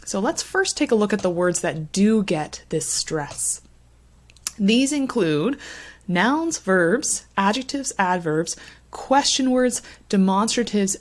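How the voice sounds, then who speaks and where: A woman giving an English pronunciation lesson, speaking slowly and stressing key words as she lists examples. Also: mid-range voice. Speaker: English teacher.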